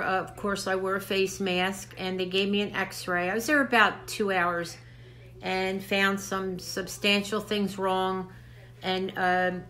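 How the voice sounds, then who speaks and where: Talking to camera on her crafts channel, an older woman rambles casually and sounds slightly breathless. Her voice is mid-range and a bit bright.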